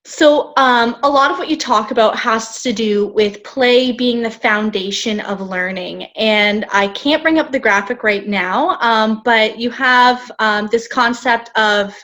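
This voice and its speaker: A woman's voice: fairly high pitch, unhurried, hardly any pauses, a bit bright. A woman hosting a podcast interview, asking questions appreciatively with some ums and fillers. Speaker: podcast host. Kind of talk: conversational interview.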